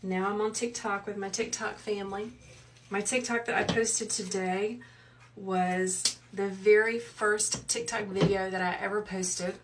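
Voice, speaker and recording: A woman, hosting a live wreath-making tutorial in a soft, soothing, chatty way while she reads out viewers' comments. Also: medium pitch, recorded from a distance, slight background noise. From South Carolina. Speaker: wreath maker and livestream host. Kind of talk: live craft tutorial chat.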